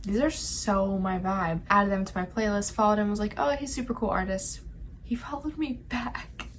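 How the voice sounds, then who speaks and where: A woman's voice: mid-range voice, fairly even intonation, moderate pace, noisy background. A young woman talking casually to camera in a vlog, chatty and self-mocking, often emotional and laughing through tears. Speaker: vlogger.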